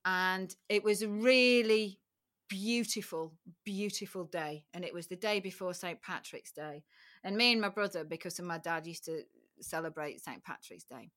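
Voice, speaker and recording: Bright-voiced woman telling a painful story. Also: fairly low pitch, normal speed. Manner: candid, emotional, with frequent restarts; frank, with occasional swearing. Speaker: podcast guest. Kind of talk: personal storytelling in an interview.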